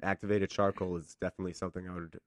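A man's voice: low-pitched, racing, dry recording, clean studio sound. A man, an actor guest on a radio show, telling stories casually and acting out the voices of the people in them. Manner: animated, acts out quoted voices. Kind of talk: casual storytelling.

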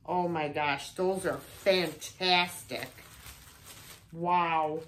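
A woman's voice: fairly low pitch, fairly even intonation, drawn-out words, fairly bright tone, a little hiss or hum. A middle-aged American woman chatting casually in a vlog, gushing and exclaiming over each thrift find. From United States. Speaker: thrift haul vlogger.

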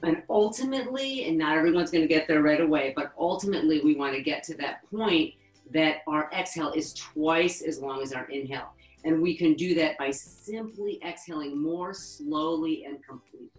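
A woman yoga therapist teaching a webinar lesson, calmly guiding breathing exercises and counting breaths. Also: sits low, roomy sound, faint music behind, poor audio. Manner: calm, instructive, counts breaths slowly.

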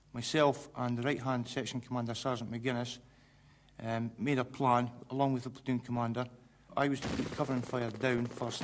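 A man's voice: mid-range voice, background noise. A man, a former section commander, methodically explaining a battle plan in a documentary interview. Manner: methodical, even. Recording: documentary audio under loud gunfire effects.

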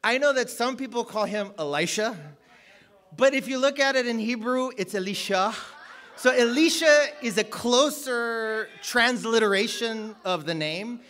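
Guy preaching, high voice, jokey and fired up, yells at the big points. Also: moderate pace, hardly any pauses. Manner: energetic, joking, shouts at peaks. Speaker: guest preacher. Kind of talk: sermon.

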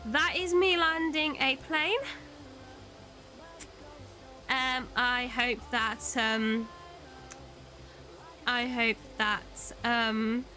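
A woman's voice: fairly high pitch, fairly even intonation, drawn-out words, bright, forceful tone, soft background music. A woman from Italy chatting on a live gaming stream, hesitant, with many ums and restarts. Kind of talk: casual live-stream chat while gaming.

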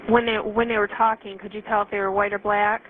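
A woman working as an emergency dispatcher, asking short, brisk, businesslike questions on a call. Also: medium pitch. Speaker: 911 dispatcher. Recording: tinny phone line with steady hiss.

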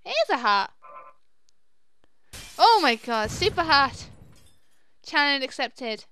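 A young woman hosting a let's play, reacting excitably to the game with squeals and laughter. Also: high voice, slow, slight background noise. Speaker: gaming channel host. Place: home room at her dad's house.

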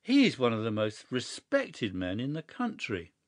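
A man's voice: mid-range voice, huge pitch swings, unhurried, no echo, clean studio sound. A man reading a story aloud, voicing a flustered, indignant middle-aged country squire who protests in alarm. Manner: agitated, protesting, stammering.

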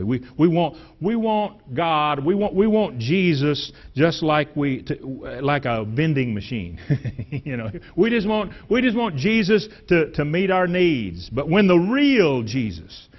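A middle-aged man preaching a sermon in a church, with emphatic delivery, restarts and repeated words, and sudden loud rises. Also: on the high side, highs cut off. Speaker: pastor. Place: church sanctuary.

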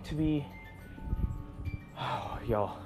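A man filming a ghost-hunting vlog alone indoors in an old house, gently reassuring an unseen spirit and sometimes jumping with startled outbursts. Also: medium pitch, very slow, soft background music. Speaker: paranormal investigator.

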